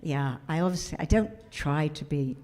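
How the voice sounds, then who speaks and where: A middle-aged woman speaking on a convention panel, with a slightly low voice. She tells her stories with energy, acting out what others said. Her talk is warm and chatty. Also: moderate pace. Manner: animated storyteller who acts out quotes. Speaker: convention guest of honor.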